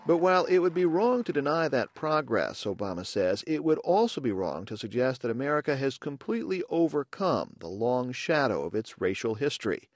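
Measured male radio news correspondent. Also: medium pitch, dry recording. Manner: measured, even newsreader delivery. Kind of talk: scripted news report.

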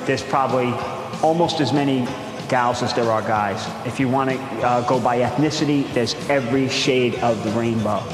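Middle-aged Brooklyn man, easygoing surf instructor, booming echoey hall, music behind. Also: moderate pace. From Brooklyn, New York. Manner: laid-back, chatty, many "you know"s. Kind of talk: interview storytelling.

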